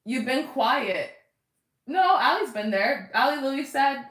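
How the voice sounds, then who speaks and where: Speaking at a normal speed in a high-sitting voice, a livestream host chats animatedly with the people in her chat. She comes across as a bubbly young woman, and the audio has a roomy sound.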